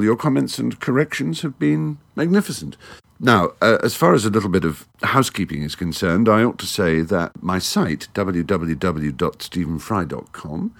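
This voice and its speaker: A man's voice: mid-range voice, gravelly. A middle-aged English man hosting a monologue podcast into a studio microphone, wry, theatrical and erudite. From England. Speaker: podcast host.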